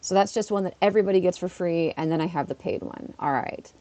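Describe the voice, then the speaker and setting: Chatty woman with gravelly fry. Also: lowish voice, fast talker, warm tone, no echo. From Canada. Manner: chatty, laughs often, talks back to chat. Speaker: streamer and schoolteacher. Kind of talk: casual live-stream chat while playing.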